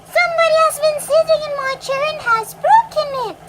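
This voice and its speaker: A tiny baby bear from a storybook, voiced by a woman squeaks in a high, piping voice. He talks fast and excitedly. Engine noise hums clearly behind him. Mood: upset.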